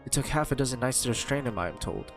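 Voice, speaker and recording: A man's voice: medium pitch, expressive, quick pace, music in the background, natural voice. A man reading game dialogue aloud as a formal, stately noble knight commander with archaic phrasing. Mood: courteous.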